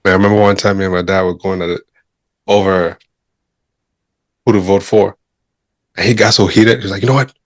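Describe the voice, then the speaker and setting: A man's voice: deep voice, steady tone, brisk, pauses often, no echo. A man co-hosting a podcast in casual chat, joking and laughing often. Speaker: podcast co-host.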